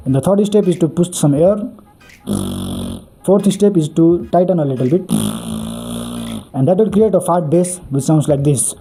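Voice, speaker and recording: A man's voice: high-pitched, moderate pace, long pauses, dark tone. A man hosting a beatbox tutorial, explaining each step earnestly and repeating "really, really" for emphasis.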